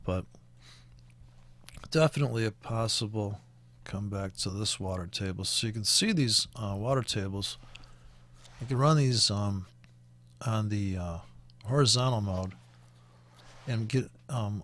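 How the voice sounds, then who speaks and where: This forex commentator's voice sits on the low side and is fairly bright, with a measured pace and long pauses. He has a Canadian accent and rambles casually through a screen-shared walkthrough of currency charts, full of fillers and false starts.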